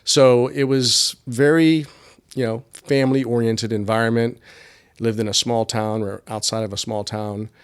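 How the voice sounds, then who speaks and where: A middle-aged man from rural Appalachian Pennsylvania tells stories as a guest in a casual podcast interview, rambling with plenty of fillers and restarts. His medium-pitched voice is clear and resonant, with fairly even intonation and a slightly slow pace.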